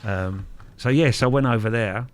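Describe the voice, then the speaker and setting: A middle-aged man from Kent, England, speaks at medium pitch and normal speed as a guest angler in a casual interview. He tells stories frankly and earthily, swearing freely and repeating words.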